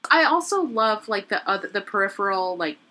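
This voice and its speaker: Woman, bright tone, casual chat, enthusiastic, playful. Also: mid-range voice, big pitch swings, fairly quick. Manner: enthusiastic, gushing, quotes characters playfully.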